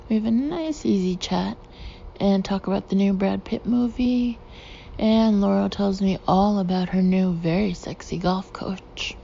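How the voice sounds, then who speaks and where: A woman narrating a first-person audiobook expressively, slipping into soft breathy asides. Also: mid-range voice, measured pace, muffled recording, a little hiss or hum.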